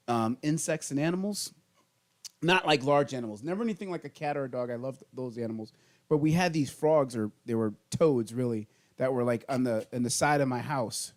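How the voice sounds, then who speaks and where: A middle-aged man, the podcast host, telling childhood stories in casual, animated chat. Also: medium pitch. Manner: animated storyteller, laughing through funny stories.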